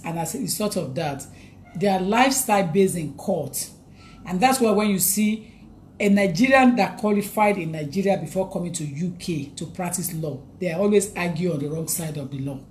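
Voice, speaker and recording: A woman's voice: fairly low pitch, lively intonation, normal speed, a little mellow, a little hiss or hum. A woman lawyer giving advice to viewers, talking emphatically and repeating her points to drive them home.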